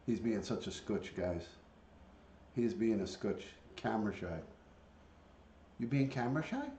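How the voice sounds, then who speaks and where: Lively man coaxing a parrot on stream. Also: a little slow. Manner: coaxes his parrot in high sing-song calls between plain chat. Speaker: livestreamer with pet parrot. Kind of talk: casual livestream chat. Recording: echoey room with faint ambient noise.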